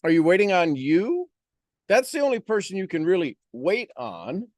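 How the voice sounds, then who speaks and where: A man's voice: high voice, big pitch swings, normal speed, no room sound, studio quality. Man asking repeated rhetorical questions. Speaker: motivational speaker on a live stream. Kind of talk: motivational live-stream monologue.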